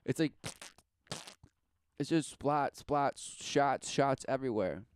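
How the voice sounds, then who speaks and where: A man's voice: medium pitch, slow, a little hiss or hum. A man giving a rambling, sarcastic, preachy commentary as he reacts to a podcast clip. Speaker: religious commentator.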